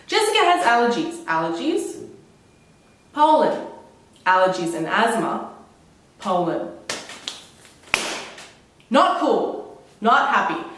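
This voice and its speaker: A young woman vlogging at home while sick with a cold, coughing now and then, talking in a sarcastic, dramatic, rambling way. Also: medium pitch. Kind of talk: casual vlog monologue. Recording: very echoey room, mic far off.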